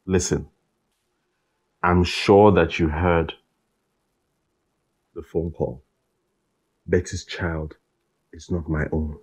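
An actor playing a furious betrayed husband, husky and accusing. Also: male voice, sits low, fairly even intonation, drawn-out words, pauses often, full character voice. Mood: angry. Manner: bitter, accusing, shouting in bursts. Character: furious betrayed husband, young adult man.

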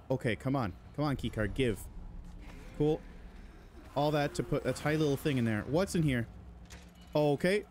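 Slightly high-pitched, a man narrates his gameplay in let's-play style, reacting with jittery panic and talking straight to the enemies in front of him. A faint hiss or hum sits under the recording.

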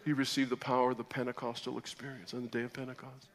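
A man preaching his personal testimony as a sermon, moving between loud excited bursts and low, quiet storytelling. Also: quick pace. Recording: long hall reverb.

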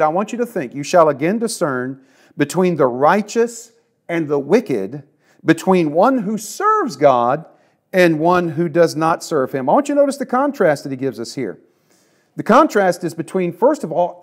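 Fairly high-voiced middle-aged preacher. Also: male voice. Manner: swings from emphatic to soft and hushed; repeats words for emphasis. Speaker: pastor. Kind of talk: sermon.

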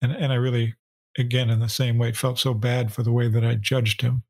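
A middle-aged man co-hosting a faith podcast, speaking in a calm, steady teaching tone. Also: mid-range voice, brisk. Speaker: podcast co-host.

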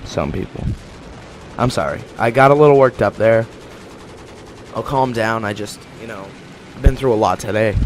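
Deadpan joking man narrating gameplay. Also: on the low side, normal speed, pauses often, noisy background. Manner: deadpan mock-serious, swings to excited outbursts. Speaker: gameplay commentator. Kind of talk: joking live game commentary. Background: game gunfire and explosions.

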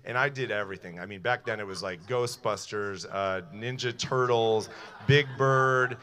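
A man's voice: fairly low pitch, normal speed, sharp tone. Rambling man telling a stage story. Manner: loose and rambling, with many fillers and laughs. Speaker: cabaret singer. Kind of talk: chatty stage storytelling between songs. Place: cabaret club stage.

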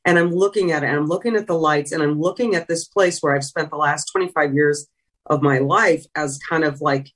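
A woman's voice: sits low, fairly quick, slightly rough, recorded from a distance. A woman in a conversational interview, a former sideline reporter, telling reflective and emotional stories. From California. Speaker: guest, retired sideline reporter.

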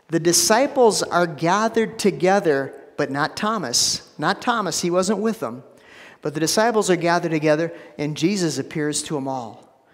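Male pastor, casual conversational sermon, higher voice, long church reverb. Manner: conversational preaching with repetitions and asides. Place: church sanctuary.

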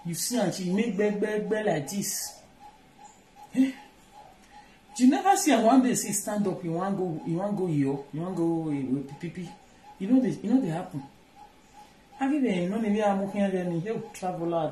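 A woman's voice: lowish voice, warm tone, roomy sound, slight background noise, low-quality recording. A woman with a Nigerian accent chatting casually and teasingly while doing chores in her kitchen, rambling and switching between languages. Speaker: vlogger. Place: home kitchen.

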